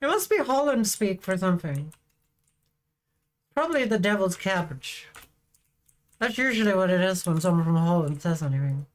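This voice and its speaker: A woman's voice: fairly low pitch, expressive, moderate pace, pauses often. A woman streaming a farming game, chatting casually and teasing her viewers with a playful, giggly manner. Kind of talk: casual live-stream chat.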